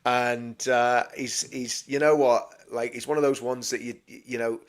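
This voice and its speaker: A man co-hosting a casual livestream chat, telling a story and acting out other people's voices as he goes. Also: unhurried. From England. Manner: animated anecdote-telling, mimics voices with big pitch jumps. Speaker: co-host of a political livestream.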